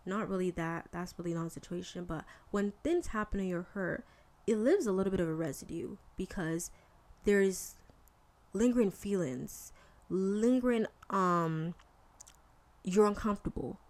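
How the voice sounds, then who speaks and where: A woman's voice: mid-range voice, normal speed. Candid woman host giving a faith talk. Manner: candid and animated, slangy asides. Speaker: podcast host. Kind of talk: casual faith talk monologue.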